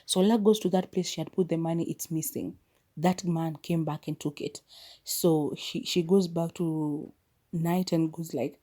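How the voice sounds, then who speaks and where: A woman hosting a podcast, telling a movie's plot in a loose, chatty way with quick side comments and self-corrections. Her voice sits low and sounds mellow and relaxed rather than bright. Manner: chatty retelling with quick asides and restarts. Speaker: podcast host. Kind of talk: casual movie recap.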